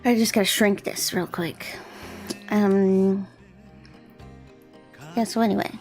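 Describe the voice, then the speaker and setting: A young woman streaming as a VTuber, chatting casually and rambling while she draws, keeping her voice deliberately low and soft. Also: steady tone. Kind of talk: relaxed casual chat while drawing on stream. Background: faint gentle background music.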